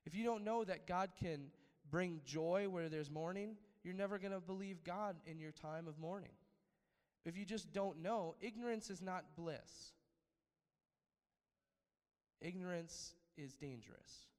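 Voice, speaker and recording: Man preaching, sermon, asks for amens, fairly high voice, long church-hall reverb. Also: unhurried, darkish tone. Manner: preaching with call-outs for amen, rising to emphatic peaks. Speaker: pastor.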